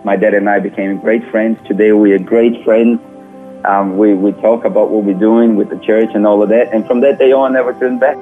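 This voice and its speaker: Guest: man, low-ish voice, phone-line sound, earnest storyteller. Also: a little fast, soft background music. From Brazil. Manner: earnest, animated retelling with small grammar slips. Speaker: interview guest. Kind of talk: personal testimony storytelling.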